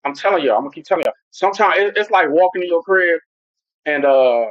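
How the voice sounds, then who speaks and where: A man's voice: on the high side, animated, fast talker, dry recording. A man hosting a casual football livestream who rambles loosely and talks straight to his chat. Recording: dull lo-fi home stream audio.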